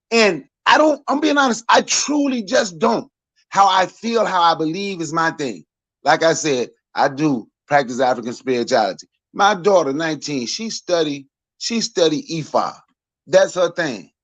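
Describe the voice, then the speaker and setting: A man's voice: high-pitched, a bit bright, dry recording. A man in his forties speaking as a podcast panelist in a blunt, profane, heated rant.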